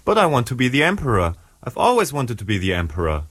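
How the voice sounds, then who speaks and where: A man's voice: medium pitch, huge pitch swings, fast talker, a bit bright, breathy edge, exaggerated voice. A man playing a whiny would-be emperor. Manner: pleading, whiny.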